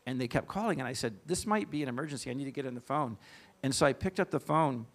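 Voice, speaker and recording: A middle-aged man, a guest speaker at a church event, telling a personal story in an earnest, halting way with fillers and restarts. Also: medium pitch, animated.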